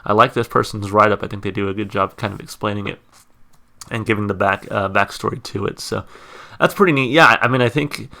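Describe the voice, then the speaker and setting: A low-pitched American man with a gravelly edge and a bright, forward tone, talking through a song in a relaxed reaction video. He thinks aloud, reads out lyrics and notes, and leans on fillers as he works out his views. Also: brisk. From United States. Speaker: music reaction channel host. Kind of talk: casual music reaction commentary.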